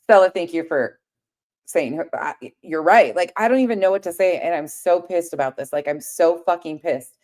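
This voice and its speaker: A woman with a lowish voice chats casually on a late-night livestream, answering her viewers directly. She gets heated and swears freely, and she paces while she talks. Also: normal speed, darkish tone. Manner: paces around while talking. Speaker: livestream host reading chat.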